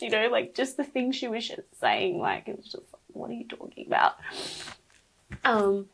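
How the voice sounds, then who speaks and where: A woman's voice: fairly high pitch, big pitch swings, normal speed, gravelly, breathy edge, low-quality recording. A young woman guest on a podcast telling her birth story, candid and emotional, full of fillers and quoted speech. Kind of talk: personal storytelling in an interview.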